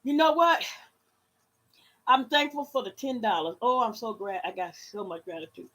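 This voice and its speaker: A high-voiced Southern woman in her fifties talks to her livestream viewers from home. Her pitch swings widely and she addresses her audience as "y'all" in a casual, animated way. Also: normal speed. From Louisiana. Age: 50s. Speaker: livestream vlogger.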